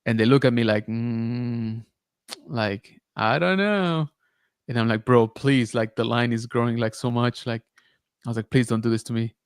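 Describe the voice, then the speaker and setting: A man hosting a podcast, telling a story in a casual, animated way with lots of filler words. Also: mid-range voice, quick pace, clean tone, dry recording, clean studio sound. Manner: animated retelling, many filler likes and rights. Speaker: podcast host.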